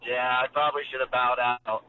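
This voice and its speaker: A man's voice: mid-range voice, level tone, fairly quick, smooth, no echo. A man calling in to a podcast by phone while driving, laid-back and hesitant with many fillers. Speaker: guest calling in. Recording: tinny phone line cutting out.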